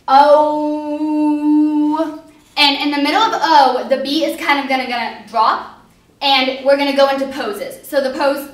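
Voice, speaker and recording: A young woman with a high-pitched, fairly bright voice, a dance instructor, walks through a line dance step by step, upbeat and counting out the moves. The recording is an echoey hall, her voice coming from far off.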